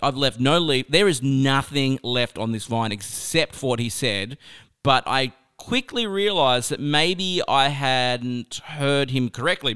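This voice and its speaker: Smooth-voiced man telling a lively story. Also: mid-range voice. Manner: chatty, animated, laughs through the story. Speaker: speaker sharing a life lesson. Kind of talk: personal storytelling.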